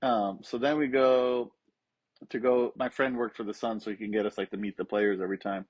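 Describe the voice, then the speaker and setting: Husky-voiced man telling a story. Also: fairly low pitch, steady tone, fairly quick, darkish tone, no echo. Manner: swears freely, acts out quoted voices. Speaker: podcast guest, skateboarding coach. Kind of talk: casual storytelling. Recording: dull, lo-fi sound.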